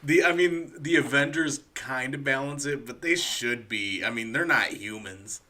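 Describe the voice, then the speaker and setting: A man's voice: mid-range voice, moderate pace, sharp tone. A man co-hosting a casual comic podcast, tossing in dry wisecracking asides. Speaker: podcast co-host. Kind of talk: casual chat.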